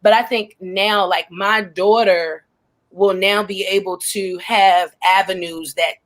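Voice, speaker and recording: A woman's voice: medium pitch, fairly even intonation, takes it slowly, a bit bright. A woman guest on a panel discussion, speaking reflectively and at length.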